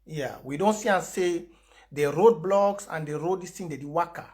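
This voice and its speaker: Impassioned Cameroonian man, high voice. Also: normal speed, darkish tone. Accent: Cameroonian Pidgin English. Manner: impassioned, emphatic repeated declarations; mixes pidgin and English with frequent fillers. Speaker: activist host of an online broadcast. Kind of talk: livestream address to followers.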